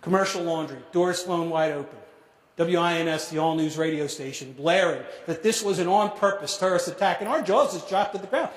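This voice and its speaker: A middle-aged man tells a personal story to an audience with measured, dramatic pacing. His fairly high voice drops to a hush at the grave moments. The sound is roomy and echoing, as in a large hall. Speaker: speaker telling a survivor story. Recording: echoey hall.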